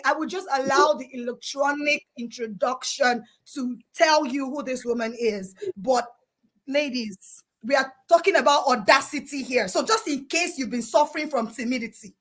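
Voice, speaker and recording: Female host, high and bright, bursting with excitement, loud exclamations. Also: low-quality recording. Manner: effusive, exclamatory, often near shouting. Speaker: event host. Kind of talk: live online conference hosting.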